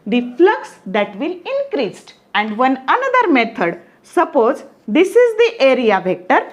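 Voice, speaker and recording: A woman explaining physics concepts step by step, often pausing with "okay". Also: high-pitched, highs cut off. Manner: slow, repetitive explaining with frequent "okay". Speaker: physics teacher. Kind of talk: whiteboard physics lesson.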